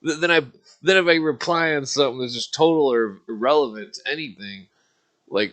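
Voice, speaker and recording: A man's voice: mid-range voice, brisk, a bit bright. Rambling, cursing man in his forties. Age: 40s. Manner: rambling, profane, laughs often. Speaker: streamer. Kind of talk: casual livestream rant.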